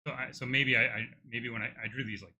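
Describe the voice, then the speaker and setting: Husky-voiced man thinking aloud. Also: mid-range voice, fairly even intonation, fast, sharp tone, lo-fi sound. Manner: hesitant, many restarts while working things out. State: tired throat. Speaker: game developer streaming live. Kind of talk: thinking aloud while live coding.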